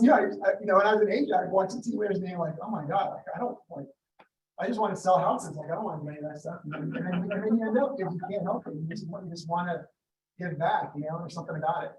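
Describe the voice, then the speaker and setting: High fast-talking man, far in a roomy hall. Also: a little hiss or hum. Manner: rambling, restarts, grateful. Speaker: departing team leader. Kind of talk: farewell speech at a meeting. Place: office meeting room. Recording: echoey room, far from mic, faint ambience.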